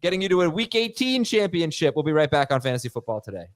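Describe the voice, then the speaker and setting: A man hosting a fantasy football show in casual chat, animated and quick to laugh at himself. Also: a little high, music in the background. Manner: animated, laughing, self-mocking. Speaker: podcast host.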